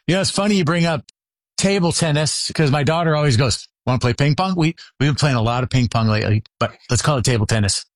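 A man's voice: on the high side, fast talker, no echo, clean studio sound. Upbeat man hosting a chatty interview. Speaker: chiropractor host interviewing a guest. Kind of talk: casual interview chat.

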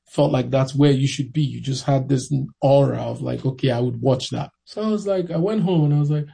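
A man telling his story in a casual, animated way, acting out the voices of people he met. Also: mid-range voice, a little fast, vocal fry, hardly any pauses, breathy edge, poor audio. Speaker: interviewee.

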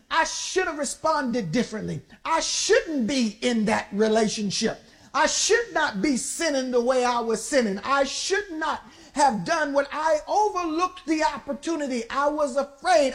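A high-voiced, middle-aged woman preaching a fervent sermon. She calls out to the congregation, pushes for answers and rises into shouts at her strongest points. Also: expressive, normal speed. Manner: call-and-response preaching, rising to shouts.

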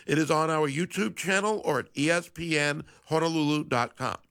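Gravelly chatty sports radio host, a man. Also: a little high, normal speed, a bit bright. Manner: chatty, self-correcting, wry. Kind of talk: casual sports talk monologue.

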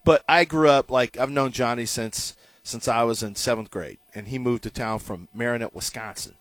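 A middle-aged man hosting a sports talk show, telling stories casually and growing loud when he quotes himself. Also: mid-range voice, normal speed, no room sound. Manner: animated storyteller, loud when quoting himself. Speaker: radio sports show host.

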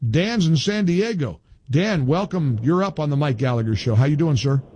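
A man's voice: a little high, expressive, normal speed, a little mellow, highs cut off, slight background noise. A man hosting a political talk radio show, emphatic and repeating himself when worked up.

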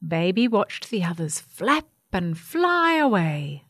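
Slow expressive woman storyteller. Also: on the low side, no room sound, clean studio sound. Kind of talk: children's picture book read aloud.

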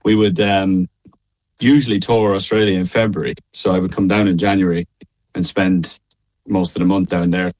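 Irish midlands accent, young man, lowish voice, relaxed chatty guest, quick to laugh. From Ireland. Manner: laid-back, laughs often. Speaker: guest singer. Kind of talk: casual radio interview.

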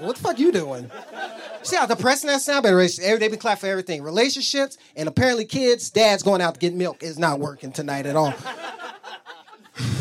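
A man doing a stand-up comedy set, telling stories in a loose, rambling and profane way. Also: high-pitched.

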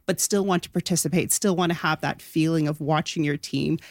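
A woman sports journalist talking as an interview guest, telling stories with emphatic, animated delivery. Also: sits low, a little fast, dry recording, clean studio sound. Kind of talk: conversational interview.

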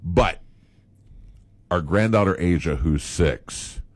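A man's voice: deep voice, slow, no echo. An older man chatting casually as a co-host, telling rambling stories full of restarts and asides. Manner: rambling, loose storytelling with many restarts. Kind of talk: casual chat.

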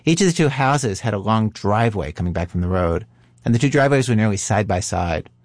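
A man hosting a podcast who narrates calmly and asks curious follow-up questions. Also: lowish voice, a little fast, dry recording, studio quality. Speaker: podcast host and interviewer. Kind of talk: narration and interview.

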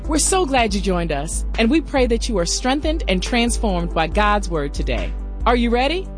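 A woman introducing a radio program in a polished, inviting announcer voice. Her pitch rises and falls a great deal as she reads. Soft music plays beneath her. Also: sing-song, normal speed.

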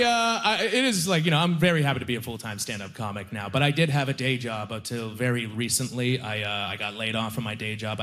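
A male stand-up comedian from Halifax, performing an animated, wisecracking set that is full of "like" and "you know.". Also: medium pitch, background noise. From Halifax, Nova Scotia, Canada. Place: comedy stage before a live audience.

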